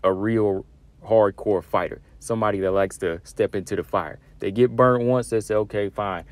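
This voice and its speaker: A man's voice: fairly low pitch, fairly even intonation, moderate pace. A man hosting a solo fight-talk show, casual and conversational, full of asides and fillers. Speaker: MMA commentary host.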